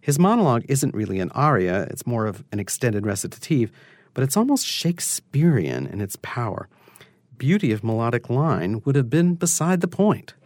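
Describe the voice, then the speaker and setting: Man, opera lecturer, scripted narration, measured and articulate, dry close-miked sound. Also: mid-range voice, sing-song, a little mellow, no room sound.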